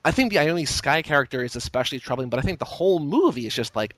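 A man's voice: fairly high pitch, very animated, very fast, hardly any pauses. A man in casual film talk who circles his point with lots of "like" and restarts. The room is dry, with no echo. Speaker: podcast co-host.

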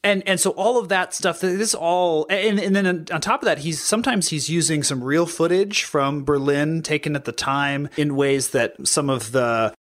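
Man, film podcast co-host, emphatic and blunt, a bit high-pitched. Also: moderate pace, hardly any pauses, a bit bright. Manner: emphatic, blunt opinions with some stammered restarts. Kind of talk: casual film discussion.

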